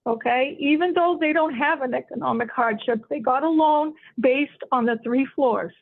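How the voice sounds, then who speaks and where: A woman's voice: sits high, moderate pace, few pauses. A woman resident giving emotional, insistent public comment at a city meeting, repeating herself as she goes. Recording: tinny phone line.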